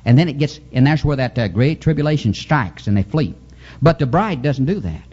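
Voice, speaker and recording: Male pentecostal preacher, fervent sing-song delivery, wide pitch swings, dull old recording. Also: animated, brisk, darkish tone, husky. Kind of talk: revival sermon.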